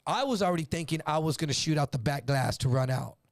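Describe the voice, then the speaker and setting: A man with a somewhat high voice tells a story in casual chat, animated and full of swearing. He jumps into other people's voices as he goes. The sound is dry and close. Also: quick pace, no room sound. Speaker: guest.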